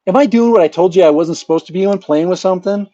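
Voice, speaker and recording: A man's voice: high voice, fast talker, warm tone, no echo. A man hosting his channel in a casual live chat, rambling and joking with a chuckle. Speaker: channel host. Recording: dull lo-fi sound.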